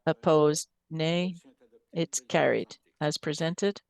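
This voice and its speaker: A mayor chairing a city council meeting with brisk procedural calls for motions and votes. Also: mid-range voice, vocal fry, clean tone, dry recording.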